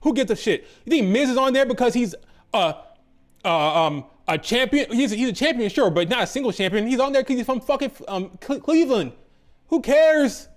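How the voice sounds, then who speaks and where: High-voiced man in a profane rant. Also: animated, fairly quick. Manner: profane, exasperated ranting with sarcastic mock quotes. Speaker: wrestling commentator. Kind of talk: ranting commentary.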